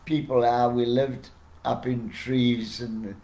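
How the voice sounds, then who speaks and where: An older man with a South African accent, telling anecdotes as a podcast guest with lively, chuckling delivery. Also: medium pitch, takes it slowly, a little hiss or hum. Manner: animated, chuckling storyteller who acts out quotes. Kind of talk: casual storytelling.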